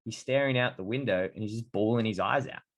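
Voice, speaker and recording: A man hosting a podcast, chatting casually and telling stories in a relaxed way. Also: fairly low pitch, fast. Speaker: podcast host, dietitian. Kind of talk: casual interview chat.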